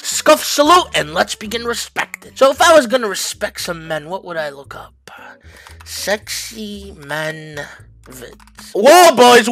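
A man hosting a comedic reaction video, talking to viewers as boys and fellas and breaking into yelps and shouts. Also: sits high. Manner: hyped, jokey, bursts into yelps and shouts. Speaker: YouTuber.

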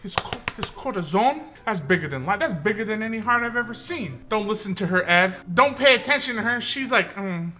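A man's voice: high voice, expressive, fairly quick, few pauses, sharp tone, slight background noise. A young man giving comedic commentary on a reality-show clip, joking and often slipping into mock voices. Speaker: YouTube commentator.

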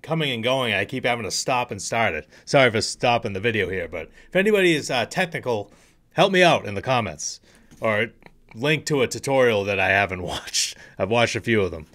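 Brief: male reaction host, mid pitch, chatty asides to camera. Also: lively intonation, fairly quick, fairly bright tone. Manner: casual, chatty asides to viewers. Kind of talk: casual reaction commentary.

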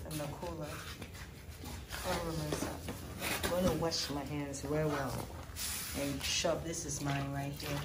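Low-voiced Ghanaian woman vlogging outdoors. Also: level tone, a little slow, long pauses. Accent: Ghanaian English. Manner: chatty, teasing, invites viewers. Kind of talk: casual vlog chat to camera. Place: outdoor porch at home. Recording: loud background noise.

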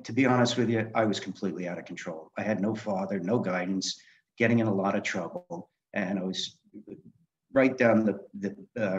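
A man in his sixties, an author and director, telling stories in a podcast interview and acting out the dialogue. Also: lowish voice. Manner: animated anecdotes, acting out quoted dialogue. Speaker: guest, author and film director. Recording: dull lo-fi sound.

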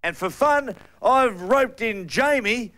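A man playing a brash, blokey male TV presenter with an Australian accent, loud and cocky. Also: very high voice, lively intonation, slow pace, exaggerated voice. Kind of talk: comedy field segment.

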